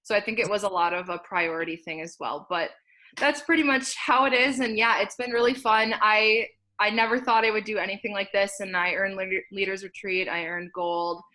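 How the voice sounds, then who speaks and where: A woman's voice: medium pitch, fairly quick, sharp tone. A young woman sharing her personal success story from home in an upbeat, chatty way, laughing often and peppering her speech with "like.". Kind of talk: casual personal testimonial.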